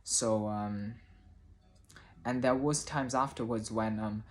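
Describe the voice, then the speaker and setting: A man's voice: lowish voice, fairly even intonation, slow pace, a little mellow. Hesitant man telling a personal story. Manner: hesitant, many restarts and fillers, casual swearing. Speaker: vlogger.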